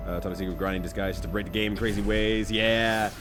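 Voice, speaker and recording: A man's voice: on the low side, fairly even intonation, fast, music in the background. A man streaming live, chatting casually while he plays, rambling along and correcting himself as he goes.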